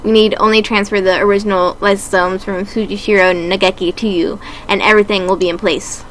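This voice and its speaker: A woman voicing a calm, cold and sinister male doctor in a game, speaking in a soft, measured, condescending way. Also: mid-range voice, slight background noise, close to an everyday voice, poor audio. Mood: smug.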